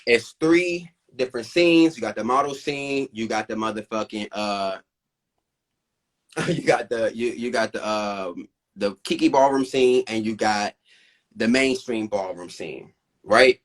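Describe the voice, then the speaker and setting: A male host telling a story in a casual live-stream chat, animated and profane, retelling events with a lot of drama. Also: fairly low pitch, measured pace.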